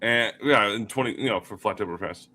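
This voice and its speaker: A man's voice: on the low side, brisk, sharp tone. A man telling a story on a panel in casual chat, crude and sarcastic.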